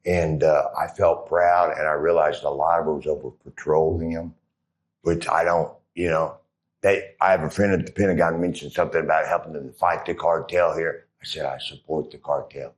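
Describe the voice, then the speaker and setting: Middle-aged ex-Marine guest, very low voice, rambling crude storyteller. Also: male voice, steady tone, moderate pace. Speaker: interview guest, former Marine. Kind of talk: casual storytelling.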